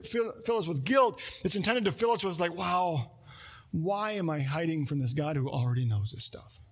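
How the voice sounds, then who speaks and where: A man's voice: high voice, pushed and bright. A middle-aged man from Minnesota preaching a sermon in a conversational way, with asides and jokes. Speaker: pastor.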